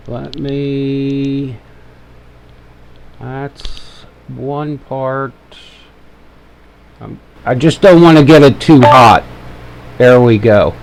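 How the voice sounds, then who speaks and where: Man, Ohio accent, trading webinar host, unhurried, easygoing, joking, casual live talk. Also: medium pitch, steady tone, vocal fry, a little hiss or hum. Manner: easygoing, joking, fiddly with mic levels. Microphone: desk microphone he adjusts.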